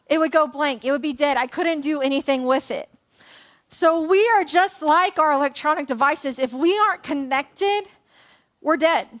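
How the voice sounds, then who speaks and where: A young woman in her twenties with a high voice speaks to a church congregation. She tells a personal story in a chatty, self-deprecating way, with lots of "um" and "like." She sounds relaxed and conversational, not formal. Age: 20s. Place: church hall.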